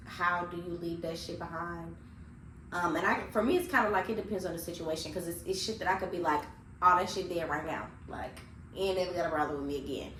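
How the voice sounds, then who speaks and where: A woman's voice: on the low side, fairly bright tone. A woman co-hosting a podcast in blunt, reflective casual chat, swearing freely. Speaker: podcast co-host. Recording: echoey room with faint noise.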